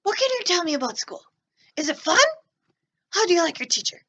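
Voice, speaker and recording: A woman's voice: expressive, fairly quick, a bit bright, dull audio. A woman voicing a shy, nervous young boy who stammers and gushes, on a children's storytime show. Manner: stammering, gushing, wide pitch swings.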